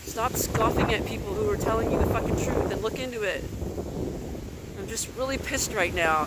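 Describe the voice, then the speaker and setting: A woman's voice: on the high side, moderate pace. An older woman in a furious, profane outdoor rant, walking through a windstorm and filming the sky on her phone. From Oregon, USA. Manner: furious, profane, shouting at viewers. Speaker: vlogger. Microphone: handheld phone filming the sky. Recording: loud wind buffeting the phone mic.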